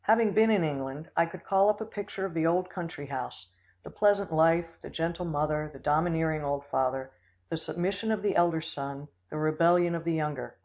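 An audiobook reader narrating a classic story in a steady, measured way. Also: medium pitch, dull audio. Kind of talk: scripted narration.

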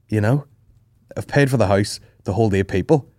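A man's voice: fairly low pitch, normal speed, no room sound, clean studio sound. Sweary man telling stories. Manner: sweary, rambling, animated anecdotes. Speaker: podcast co-host. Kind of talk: casual banter storytelling.

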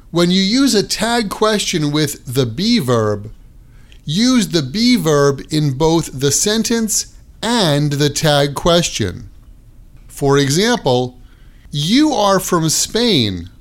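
On his podcast, a man with a fairly high voice teaches an English grammar lesson, speaking clearly and deliberately.

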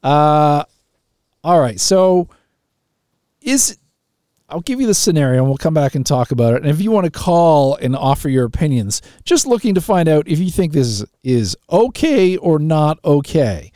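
Chatty guy hosting a call-in radio show, warm mellow voice, dry studio sound, keeps laughing and restarting. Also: a little high, big pitch swings, moderate pace, no echo.

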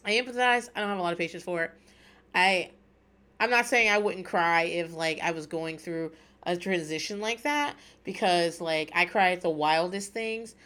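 A woman's voice: fairly low pitch, normal speed, a bit bright, clean tone. A woman hosting a podcast, chatting casually and candidly, swearing freely and laughing often. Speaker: podcast host. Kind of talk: casual recap chat.

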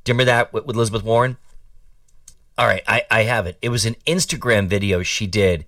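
A man's voice: lowish voice, fast, pushed and bright, no echo, studio quality, far from the mic. A man hosting a talk show and giving opinionated political commentary in a sarcastic, mocking, rambling way.

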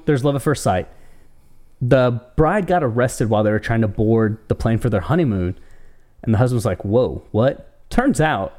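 A man co-hosting a casual chat show, relaxed and chatty, passing along strange news stories. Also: mid-range voice. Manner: relaxed storytelling, sharing odd news stories. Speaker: podcast co-host.

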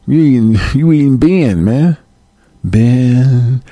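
A man's voice: medium pitch, slow, dry recording. A man hosting a livestream, ranting casually with lots of profanity and frequent laughter. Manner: profane, laughing often, animated. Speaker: livestream host.

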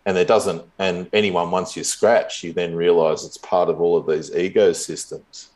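A man's voice: low voice, steady tone, moderate pace, a little mellow. A man in his fifties telling a long story in a casual, rambling way, chuckling often as a guest in an interview. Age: 50s.

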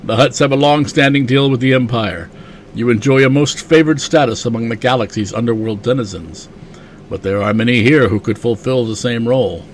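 A man reading comic dialogue aloud as a stern, menacing male dark lord, with a measured, commanding delivery. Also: mid-range voice, slight background noise, close to an everyday voice. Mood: threatening.

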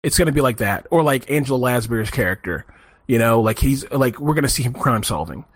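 A man's voice: mid-range voice, fast talker, husky, no echo. A man co-hosting a podcast, talking through a movie review in loose, rambling casual chat. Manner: rambling, animated, restarts a lot. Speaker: podcast co-host.

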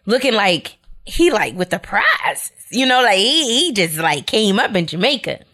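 A woman co-hosting a podcast in casual chat, animated and profane, jumping in with her own side of the story. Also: mid-range voice, measured pace. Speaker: podcast co-host.

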